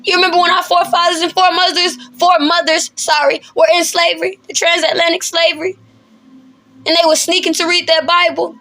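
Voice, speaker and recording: This bible teacher is a woman whose high voice comes across bright and forceful as she teaches scripture emphatically, like a preacher. She keeps things colloquial and laughs often between points, though her delivery is flat and brisk.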